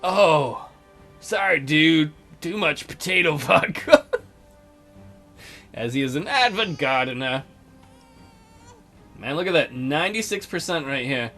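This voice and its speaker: A man's voice: a little high, vocal fry, a bit bright. A man hosting a strategy game let's play with casual, crude, joking commentary.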